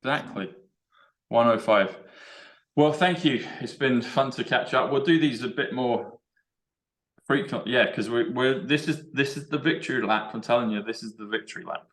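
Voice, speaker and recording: Excitable English man in an echoey room. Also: mid-range voice, moderate pace. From England. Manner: excitable, rambling, counts out number codes aloud. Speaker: show host. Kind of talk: casual chat.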